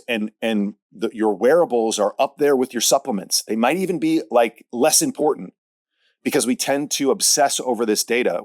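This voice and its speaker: A man's voice: medium pitch, a little mellow, no echo, studio quality. A man hosting a podcast as a fitness coach, talking directly and punchily in a casual solo monologue, often checking in with "all right?".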